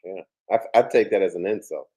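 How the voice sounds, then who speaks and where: Mellow, laid-back male co-host. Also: deep voice, fairly quick, slightly rough. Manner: laid-back, chuckling agreement. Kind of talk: casual live show talk.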